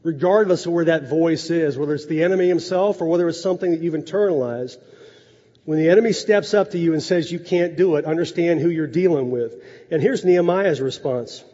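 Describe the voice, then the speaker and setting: A man preaching a sermon in a conversational way, dropping low and soft to drive points home. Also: a little fast. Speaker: pastor. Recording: echoey hall, dull lo-fi sound.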